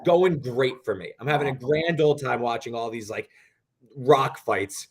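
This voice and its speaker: A young man co-hosting a sports betting show, telling a long story in an animated, rambling way. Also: medium pitch, measured pace. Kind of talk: casual podcast chat.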